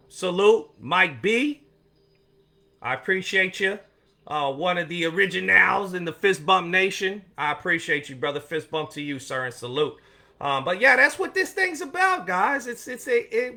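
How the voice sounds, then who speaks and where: A man's voice: high voice, sing-song, a little slow. A man hosting a casual motivational live stream for veterans, rambling and joking in an upbeat, encouraging way. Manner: warm and encouraging toward viewers. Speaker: coach and host of a weekly live show for veterans.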